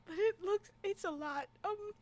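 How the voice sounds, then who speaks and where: Reading a story aloud and chatting casually, a woman streamer giggles a lot and bursts into exclamations at her chat. She speaks at a moderate pace in a very high, slightly mellow voice.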